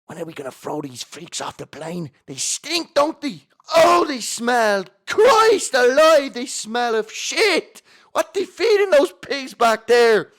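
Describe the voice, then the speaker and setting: A man's voice: on the high side, steady tone, brisk, hardly any pauses, slightly rough, pitched above the performer's own voice. A man voicing a snobbish male airline passenger with a put-on Irish accent, sneering at the people around him. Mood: shrieking disgust.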